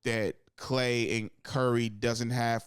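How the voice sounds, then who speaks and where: A young man talks sports on a podcast in a smooth, clear voice. He is close to the mic in a dry room. He rambles, swears freely and jumps higher when he acts out what others said. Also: level tone, slow, dry recording. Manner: rambling, profane, acts out quotes with sudden high-pitched bursts. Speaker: podcast co-host. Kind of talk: casual sports chat.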